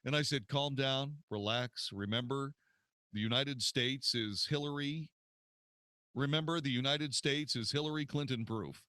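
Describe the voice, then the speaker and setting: A man's voice: medium pitch, moderate pace, sharp tone, dry recording. A man, a radio host, recording promo spots in a studio, telling a story with theatrical delivery and retakes.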